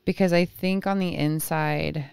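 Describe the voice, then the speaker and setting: A woman's voice: sits low, fairly even intonation, measured pace, gravelly, darkish tone, clear, resonant tone, dry recording. A woman giving a casual intuitive tarot reading, chatty and often searching for words. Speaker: tarot reader.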